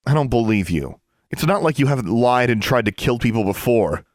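A man's voice: medium pitch, expressive, brisk, no room sound, studio quality, voice pushed up, natural voice. A man voicing an angry, defiant teenage witch girl in a fantasy audiobook, speaking sharply and indignantly. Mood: cold, distrustful. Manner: sharp, indignant, raising her voice.

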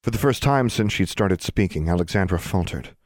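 A man narrating an audiobook in a measured storytelling manner. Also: low voice, animated, darkish tone, no echo, clean studio sound. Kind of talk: scripted narration.

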